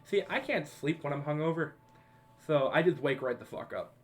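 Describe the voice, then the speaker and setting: A young man with a somewhat high voice tells a party story to his friends on a podcast. He swears freely and breaks into laughter as he goes, retelling the night with lively energy. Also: normal speed. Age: young adult. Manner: laughing, profane, animated retelling. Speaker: podcast co-host. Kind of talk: casual storytelling among friends.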